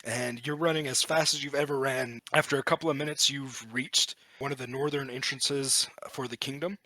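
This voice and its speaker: Bright, dry-voiced male game master. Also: mid-range voice, normal speed, dry recording. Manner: relaxed, with frequent "uh" fillers. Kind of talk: narrating a tabletop game.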